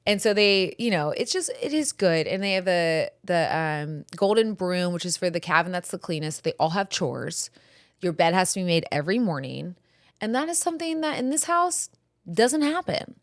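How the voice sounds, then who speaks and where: A woman's voice: fairly low pitch, expressive, normal speed, no room sound, clean studio sound. A woman in her thirties from California, hosting a podcast and telling stories in casual chat, swearing freely and acting out the people she quotes. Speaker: podcast host.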